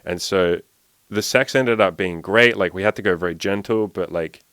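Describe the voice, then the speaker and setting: A man's voice: sits low, normal speed, a bit bright, dry recording. A young man, a dating and self-improvement coach, telling a story in a loose, rambling way full of "like" fillers. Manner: rambling, heavy use of "like" fillers. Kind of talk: casual storytelling monologue.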